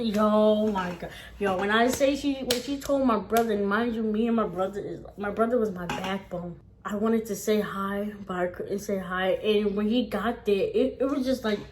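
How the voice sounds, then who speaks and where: A woman's voice: a little high, a little hiss or hum. A young woman telling a casual storytime on her vlog, swearing freely and repeating phrases for emphasis. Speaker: vlogger.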